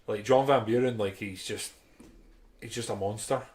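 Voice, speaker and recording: A man's voice: on the low side, normal speed, darkish tone. A man, co-hosting a podcast and telling stories in casual chat with frequent restarts. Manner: chatty storytelling with frequent restarts. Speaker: podcast co-host.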